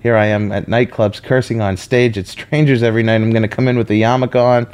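A comedian telling a personal story in a conversational, self-deprecating way. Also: male voice, medium pitch, fairly even intonation, fast, a little mellow.

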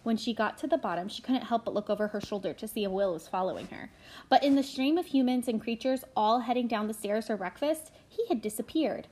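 A woman narrating a children's novel aloud in an expressive reading style, with small slips and restarts. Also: on the high side, a little fast, low-quality recording. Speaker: audiobook narrator.

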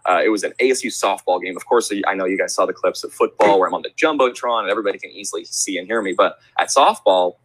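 A young man chats as an interview guest, spinning stories with plenty of restarts and fillers. His voice sits on the low side, and he jumps up sharply to play the voices of people he quotes. The sound is dry and close. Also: fast talker, few pauses, slightly rough, dry recording, rough recording. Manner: animated, acts out quoted voices with big pitch jumps. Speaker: interview guest, sports event host. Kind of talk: casual storytelling chat.

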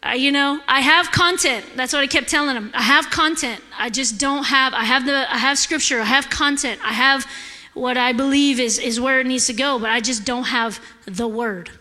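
A woman giving a sermon in a church, candid and animated, laughing often as she talks. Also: sits high, moderate pace. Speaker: guest preacher. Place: church sanctuary. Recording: echoey hall.

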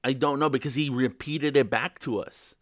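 Bright-voiced young man telling a wild story. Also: moderate pace. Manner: animated storytelling, jumps pitch for quoted voices, swears freely. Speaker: podcast co-host. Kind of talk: casual storytelling chat.

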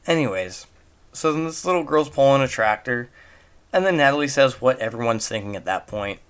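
A man's voice: fairly high pitch, animated, fairly quick. A man giving casual spoken commentary on a movie at home, mocking it with incredulous rhetorical questions. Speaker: movie reviewer. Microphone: home recording.

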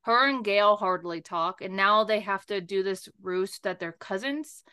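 A young woman summing up the story for her friends in a relaxed chat. Her voice is bright and clear. She runs through the plot fast, with plenty of "like" and "um.". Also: mid-range voice. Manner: recaps plot quickly, filler-heavy. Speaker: podcast co-host. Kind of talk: casual book club chat.

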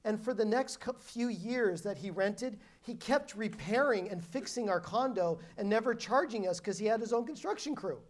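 A woman's voice: medium pitch, lively intonation, moderate pace, few pauses. Woman preacher telling an emphatic testimony. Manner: emphatic storytelling with frequent restarts. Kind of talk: sermon with personal testimony.

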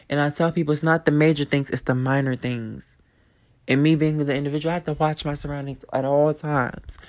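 A woman's voice: deep voice, darkish tone. Blunt, profane young woman podcaster. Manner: blunt, profane and emphatic, repeating phrases for force. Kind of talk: candid personal storytelling.

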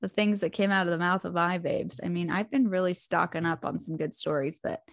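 A woman in her thirties co-hosting a podcast, telling family stories in relaxed casual chat. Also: fairly low pitch, fairly quick, gravelly, no room sound, clean studio sound. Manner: relaxed storytelling with fillers and laughs. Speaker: podcast co-host.

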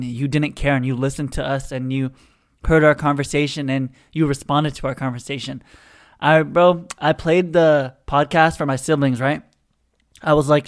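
A young man co-hosting a podcast, chatting casually and acting out quotes with growing excitement. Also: a little high. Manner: animated storyteller, acts out quotes with rising excitement. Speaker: podcast co-host. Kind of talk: casual chat.

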